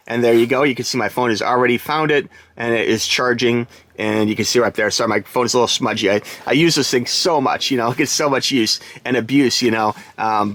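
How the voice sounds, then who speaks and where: A man's voice: medium pitch, fairly bright tone, dry recording. A man giving a casual, enthusiastic product review, chatty with lots of fillers.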